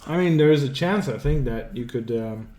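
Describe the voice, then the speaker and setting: Fluchender Gamer, der laut denkt. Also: male voice, mid-range voice, animated, normal speed, a little mellow. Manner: thinks aloud, swears freely. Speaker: game streamer. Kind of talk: casual gameplay commentary.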